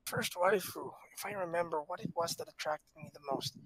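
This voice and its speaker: A man co-hosting a casual chat, animated, laughing often and talking with plenty of fillers and restarts. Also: on the high side, brisk, no echo. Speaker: podcast co-host.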